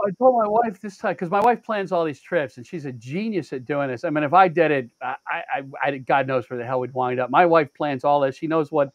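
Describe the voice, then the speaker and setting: A man with a high voice tells stories in casual chat, animated and salty, full of stammered repeats and quick restarts. His voice sits close and dry, with no room around it. He leaps between calm stretches and bursts of excitement. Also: dry recording. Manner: animated, profane, acts out quotes with big pitch jumps. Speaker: show regular.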